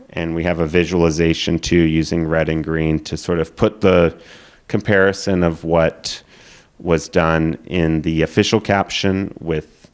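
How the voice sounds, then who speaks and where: A man's voice: deep voice, smooth. A man giving a conference presentation, explaining steadily in a casual way with frequent filler words. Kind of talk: presentation talk.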